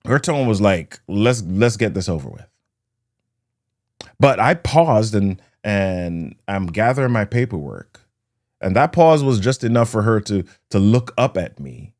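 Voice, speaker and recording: Lively low-voiced man telling a story. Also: measured pace. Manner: animated storyteller, acts out scenes with sound words. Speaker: host of a leadership talk show. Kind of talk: motivational talk with storytelling.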